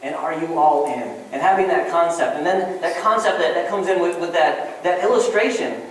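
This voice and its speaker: A man's voice: a little high, normal speed. Casual man preaching in an echoey church. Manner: casual, chatty, self-deprecating, addresses the congregation as guys. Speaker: pastor. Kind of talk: sermon with a joke story. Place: church sanctuary. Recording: echoey church hall from far off, faint room noise.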